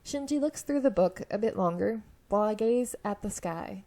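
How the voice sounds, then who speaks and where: A young woman with a slightly hoarse throat, reading an otome game aloud and often stopping to laugh and comment. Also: mid-range voice, expressive, moderate pace, mellow. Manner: giggly, breaks off to laugh and comment. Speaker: let's-play video creator.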